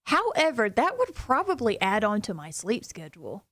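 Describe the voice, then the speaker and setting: A woman's voice: medium pitch, huge pitch swings, normal speed, fairly bright tone, dry recording, clean studio sound. A woman co-hosting a morning radio show, wry and self-deprecating in casual banter. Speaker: radio co-host. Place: radio studio.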